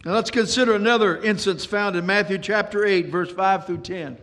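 A man delivers a sermon in a high, fervent voice, repeating himself and rushing then slowing. A long reverb trails every phrase in the hall. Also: fairly bright tone. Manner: dramatic preaching with repetitions and sudden pace changes. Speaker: pastor.

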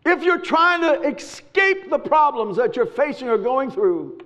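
A man preaching a sermon, emphatic and repetitive, with sudden shouts. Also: very high-pitched, measured pace. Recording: dull lo-fi recording.

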